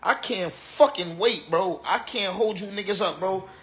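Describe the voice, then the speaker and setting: A man's voice: high-pitched, measured pace, a bit bright. Tipsy man ranting on a livestream. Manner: emphatic and repetitive, slangy. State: tipsy from drinking. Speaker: battle rapper. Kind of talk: casual livestream rant.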